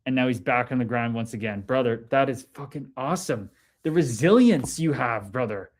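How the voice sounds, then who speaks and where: A man hosts a casual livestream and reads out chat comments. He talks in a loose, excitable way, swears freely and keeps hyping up his viewers. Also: medium pitch, moderate pace. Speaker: livestream host reading chat.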